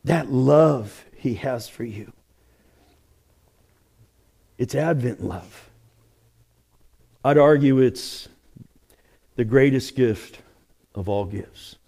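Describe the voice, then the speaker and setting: A male pastor preaching a sermon with lively delivery, moving between loud exclamations and quiet, hushed asides. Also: medium pitch, extremely slow, vocal fry, long pauses.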